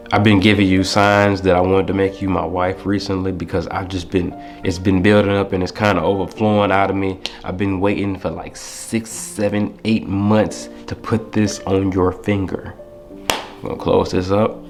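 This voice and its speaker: A young man talks straight to the camera, heartfelt and a little rambling. His voice sits on the low side, and faint music plays underneath. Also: steady tone, moderate pace. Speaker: vlogger. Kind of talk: casual talk to camera.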